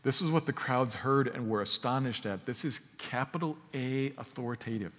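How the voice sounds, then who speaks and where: A man preaching a sermon, emphatic, slowing down to stress key phrases and speeding through quick asides. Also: medium pitch, fairly bright tone, big-room sound. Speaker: pastor.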